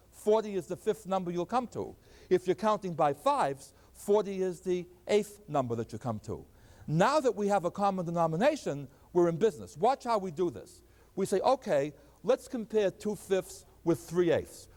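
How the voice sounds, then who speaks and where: A man's voice: high-pitched, a little mellow, in a large hall. An older man teaching a math lecture at the board, asking questions and answering them himself.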